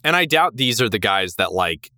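A lively man chatting on a podcast, his pitch jumping around as he recaps an episode and acts out the characters. His voice is bright and sharp, recorded dry and close with no room sound. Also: normal speed, dry recording. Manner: animated, acts out characters' lines while retelling. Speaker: podcast co-host. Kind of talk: casual recap chat.

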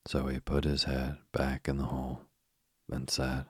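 A man narrates a bedtime story in an extremely deep, husky voice that barely moves in pitch. His soft, unhurried reading is recorded close and dry. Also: monotone, dry recording. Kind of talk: slow sleep story narration.

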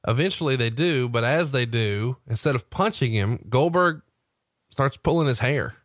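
A man hosting a podcast, recounting a story with animated energy and throwing questions to his co-host. The sound is dry and close. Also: medium pitch, normal speed, dry recording. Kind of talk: casual storytelling chat.

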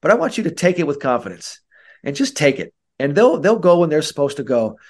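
A mental skills coach appears as a guest in a podcast interview, acting out the voices of kids and coaches. His voice is fairly high, sing-song and brisk.

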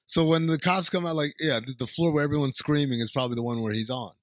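A man co-hosting a casual talk show, making lively, sarcastic comments. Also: fairly high pitch, fast, no room sound. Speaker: podcast co-host. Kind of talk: casual chat.

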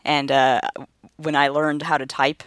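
A woman's voice: low voice, level tone, unhurried, fairly bright tone, no room sound. Chatty Canadian woman co-hosting a podcast. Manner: chatty, laughs easily. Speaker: podcast co-host. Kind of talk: casual podcast chat.

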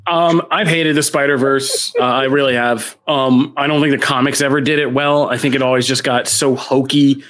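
A man co-hosting a casual comic book chat, blunt and opinionated in a steady way. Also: medium pitch, moderate pace, few pauses. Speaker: comic book podcast co-host.

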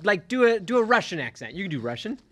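Bright high-voiced male host. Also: sing-song, quick pace. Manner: upbeat, teasing, runs the segments. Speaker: podcast host. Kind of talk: casual chat and ad read.

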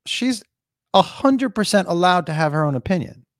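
Animated, profane man with a lively voice. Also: sits high, moderate pace, no room sound, clean studio sound. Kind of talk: casual chat.

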